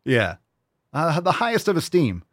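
Animated, profane male podcast host. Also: medium pitch, normal speed, no room sound, clean studio sound. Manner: profane, emphatic, ranting. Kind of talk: casual opinion rant.

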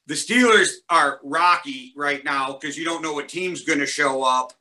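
A man co-hosts a casual sports podcast, talking bluntly and cracking jokes with plenty of swearing. His voice is very bright and sharp and sits a bit high. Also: normal speed. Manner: blunt, joking, swears freely. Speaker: podcast co-host.

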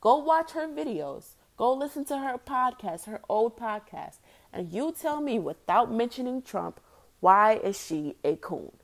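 A woman's voice: fairly high pitch, very animated, unhurried, gravelly. A young woman vlogging an opinion rant, blunt and exasperated, firing off rhetorical questions. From United States.

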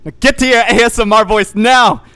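A man co-hosting a podcast over an online voice call, riffing loosely, swearing and breaking into bursts of yelling. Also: extremely high pitch, steady tone, a little fast, clean tone, no room sound. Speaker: podcast co-host. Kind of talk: rowdy casual chat on a call.

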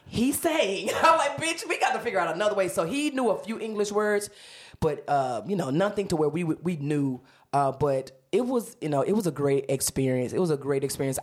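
A woman comedian telling a story in casual chat, animated, laughing and swearing freely. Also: deep voice. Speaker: comedian guest.

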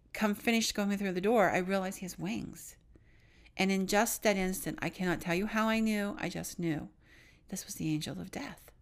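A middle-aged woman co-hosting a podcast, telling a personal story in an earnest manner that sometimes drops to a hush. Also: medium pitch. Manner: earnest, hushed drops into whispers at tense moments. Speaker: podcast co-host.

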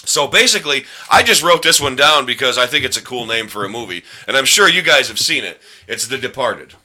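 A man's voice: mid-range voice, lively intonation, brisk, pushed and bright. A man hosting a casual podcast chat, rambling and joking, often stumbling over his words. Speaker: podcast host.

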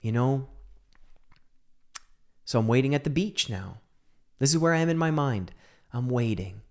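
A man telling a personal story into a microphone, shifting between hushed whispers and emphatic outbursts. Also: mid-range voice, lively intonation, a little slow. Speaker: speaker on mental health.

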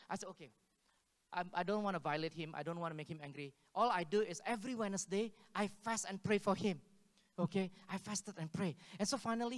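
A man preaching a sermon, telling stories and acting out the dialogue with laughs. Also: sits high. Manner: animated, acts out dialogue with laughs. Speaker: pastor. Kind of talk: sermon storytelling. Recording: hall with long reverb.

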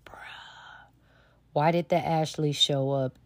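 A young woman, hosting a podcast and recapping a TV episode in an animated, slangy way, straight to her listeners. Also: medium pitch, measured pace, dry recording, clean studio sound. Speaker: podcast host recapping a TV show. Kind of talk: casual recap monologue.

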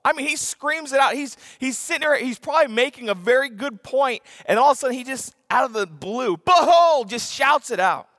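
A man preaching a sermon as a pastor, telling a story with lively acted-out voices and sudden shouts for emphasis. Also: very high voice, a little fast, few pauses, no echo, clean studio sound, long reverb tail.

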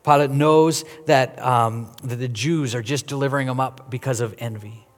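A man's voice: mid-range voice, steady tone, moderate pace. Earnest male pastor in a reverberant hall. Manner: earnest, repeats words, rises and drops in volume. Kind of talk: sermon.

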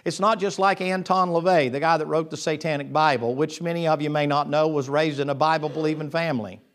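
A pastor preaching from his pulpit in a high-pitched voice. He drops into low, confiding tones and then bursts out loud and excited, often stumbling and restarting his sentences. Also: brisk. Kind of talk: sermon.

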